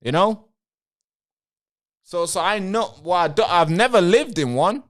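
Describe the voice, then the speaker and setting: A man's voice: sits high, animated, a little slow, fairly bright tone. Male live-streamer, rambling commentary straight to viewers, answers chat. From Britain.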